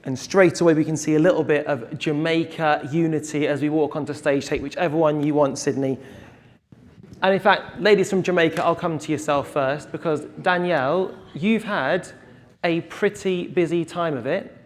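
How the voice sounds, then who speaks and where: A man's voice: fairly high pitch, fairly even intonation, moderate pace. A man hosting a press conference, introducing athletes and asking questions in an upbeat, showy way.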